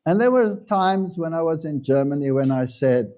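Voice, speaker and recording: A pastor giving a sermon in a casual, conversational way, telling stories with self-deprecating humor. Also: male voice, on the high side, animated, normal speed, dark tone. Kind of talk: anecdotal sermon talk.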